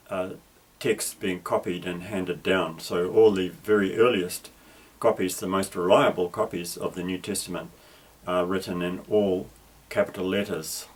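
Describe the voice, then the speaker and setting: Lesson narration: lower-pitched male teacher, patient, methodical, unhurried explanations. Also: husky, low-quality recording. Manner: patient, careful, with small restarts. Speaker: Greek teacher.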